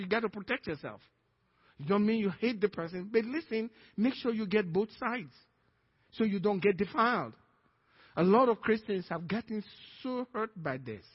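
Male pastor, Nigerian accent, husky, lifts his voice high as he preaches; muffled lo-fi church recording. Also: long reverb tail. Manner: animated preaching, acting out quoted dialogue. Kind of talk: sermon. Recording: dull lo-fi sermon recording.

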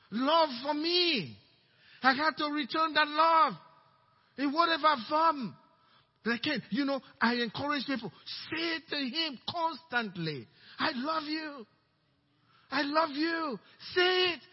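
A male pastor preaching a sermon with passion, moving between loud exclamations and soft asides. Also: extremely high pitch. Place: church sanctuary. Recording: dull sound, long reverb of a church hall.

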